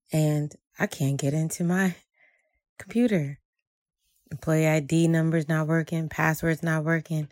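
Low, gravelly-voiced woman telling her story. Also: a little mellow, no room sound, clean studio sound. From Jersey City, United States. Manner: reflective, with repeated phrases. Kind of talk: personal story narration.

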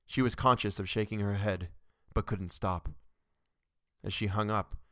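A man narrating a short story in a steady, measured reading. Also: lowish voice, dry recording, clean studio sound.

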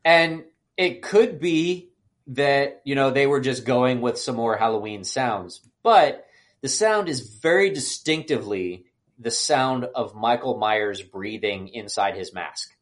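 A man with a mid-pitched voice that swings widely up and down as he talks over a film in casual podcast chat. He is animated and acts out scenes with raised voices. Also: takes it slowly. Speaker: podcast co-host. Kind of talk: casual movie review chat.

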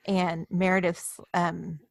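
Lively woman on a dry mic. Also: lowish voice, slow, creaky, no echo. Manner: lively, quotes lines with energy. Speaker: podcast co-host. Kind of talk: casual chat recapping a sitcom.

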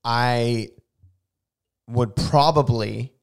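A man's voice: medium pitch, drawn-out words, vocal fry, smooth. A man co-hosting a casual podcast chat, talking earnestly with many "like" fillers. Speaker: podcast co-host.

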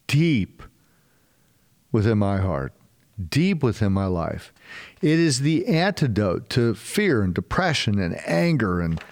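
Man preaching a casual, animated sermon. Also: mid-range voice. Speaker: pastor.

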